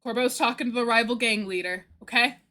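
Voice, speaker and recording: A young woman streamer chatting casually, gushing excitedly about a story she loves and laughing often. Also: on the high side, quick pace. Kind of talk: casual chat recapping a story.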